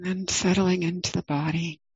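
A middle-aged woman leading a guided meditation, speaking calmly and gently with long pauses. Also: on the low side, breathy edge, no echo, highs cut off. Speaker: meditation teacher.

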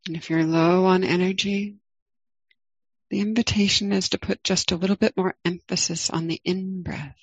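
A middle-aged woman leading a guided meditation, speaking calmly and gently with long pauses. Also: on the low side, breathy edge, no room sound, low-quality recording. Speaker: meditation teacher.

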